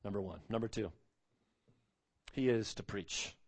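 A man's voice: fairly low pitch, unhurried, creaky, a little mellow. A man preaching an expository sermon as pastor, earnest and emphatic, repeating phrases and stretching out key words.

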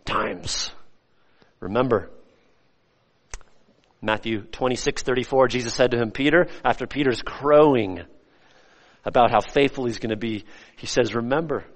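A male pastor preaching a sermon, swinging between loud, rising emphasis and soft, hushed lines. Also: mid-range voice. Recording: long hall reverb.

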